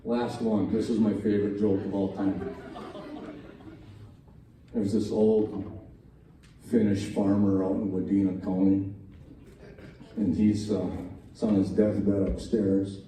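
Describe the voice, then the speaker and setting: A man tells jokes at a talent show in an easy, folksy storytelling way, slipping into small voice shifts for each character. His voice is low and very mellow. He is heard from far off in a strongly echoing hall, with faint room noise behind him. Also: little pitch movement, slow, long pauses. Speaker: joke teller at a college talent show. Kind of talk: stand-up joke telling. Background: faint room ambience, audience laughs.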